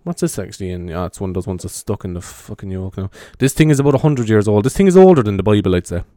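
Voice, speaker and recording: Irish guy mumbling half-whispered asmr ramble in his bedroom, swears a lot, lowish voice, dry close sound. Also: very animated, fast talker, no echo. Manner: meandering, chatty, swears freely, soft hushed delivery. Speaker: podcaster. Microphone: handheld microphone carried around the room.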